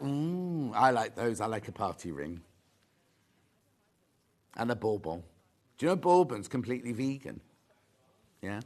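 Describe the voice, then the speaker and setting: A man's voice: mid-range voice, creaky. A man presenting a live sewing shopping show, chatty and reading out viewer comments. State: out of breath. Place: TV studio.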